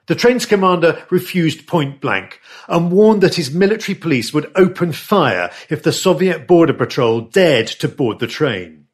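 A man tells a history story from a script. His voice sits a little high and moves a great deal, rising and falling to lift the tense moments. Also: moderate pace, few pauses. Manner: storytelling with lively dramatic emphasis. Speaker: podcast narrator.

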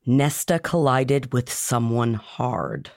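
A woman's voice: a bass voice, slow pace, creaky, no echo, studio quality. A woman co-hosting a book podcast who jokes, swears and acts out the characters' lines in playful voices. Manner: animated, jokey, swears, jumps into playful voices. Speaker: podcast co-host. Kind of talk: casual book discussion.

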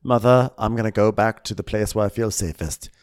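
A man's voice: on the low side, brisk, smooth. A man co-hosting a podcast, recapping a reality show with playful comic voices for the people in it. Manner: playful, acts out quotes in silly voices. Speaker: podcast co-host. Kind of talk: comedic recap with impressions.

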